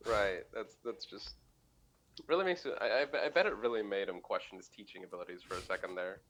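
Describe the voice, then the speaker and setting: A man's voice: fairly low pitch, a little fast, fairly bright tone. A man co-hosting a casual streamed podcast chat, laughing often and swearing freely. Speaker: podcast co-host.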